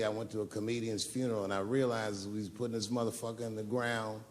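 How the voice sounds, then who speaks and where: On stage at a live comedy venue, a man tells long, profane stories and fields audience questions in a loose, conversational way. His voice is on the low side and a little mellow, with slight background noise.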